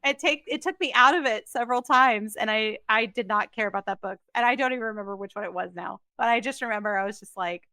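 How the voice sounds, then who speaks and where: A woman's voice: a little high, pushed and bright, no room sound. A young woman co-hosting a podcast, chatting casually in an emphatic, talkative way. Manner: chatty, emphatic, quick asides. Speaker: podcast co-host. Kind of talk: casual chat.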